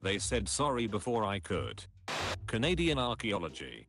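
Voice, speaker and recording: A man casually reading memes aloud on a stream, dropping into deadpan low voices for the punchlines. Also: normal speed. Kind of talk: casual meme reaction stream. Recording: music playing behind.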